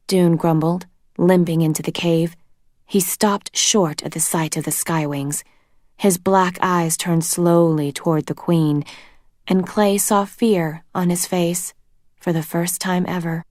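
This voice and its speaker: Woman narrator reading a fantasy book, low voice, slow and dry close sound. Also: steady tone, darkish tone, no room sound. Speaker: reader. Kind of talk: storybook read-aloud narration.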